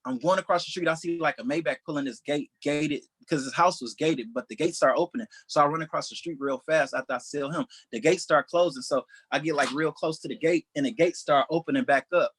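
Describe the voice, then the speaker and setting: Guy telling a wild story real quick, kinda high voice, dry sound. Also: husky, no echo. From Detroit, USA. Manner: animated, acts out quoted voices. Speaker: stand-up comedian. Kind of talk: storytelling anecdote.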